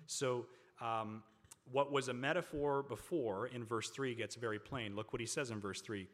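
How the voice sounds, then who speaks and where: Man preaching in a reverberant hall. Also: mid-range voice. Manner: emphatic, drawn-out stresses on key words. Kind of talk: sermon. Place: large hall with a congregation.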